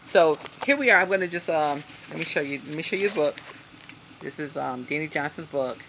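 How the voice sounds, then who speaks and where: A woman's voice: low-pitched, animated, a little fast, gravelly, fairly bright tone, slight background noise. A woman giving an earnest, encouraging self-help talk to a hand-held camera. She reads from a book with lots of ums and little asides. Faint crickets chirp in the background. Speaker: motivational self-help speaker. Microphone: self-filmed, camera held in hand at arm's length.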